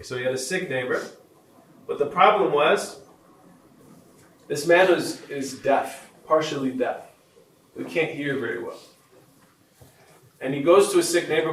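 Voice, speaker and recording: Guy giving a spiritual talk, animated storyteller, mic kinda far, faint background noise. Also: fairly high pitch. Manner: animated storyteller, laughs along with listeners. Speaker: teacher. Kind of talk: spiritual teaching to a retreat group. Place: retreat teaching room. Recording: roomy, from a distance, faint noise.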